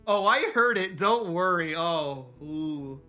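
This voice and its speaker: A man streaming a video game, chatting casually and excitably with his viewers and joking around. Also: fairly high pitch, slow pace, faint music behind. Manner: excitable and jokey, reading chat aloud. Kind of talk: casual live-stream chat while gaming.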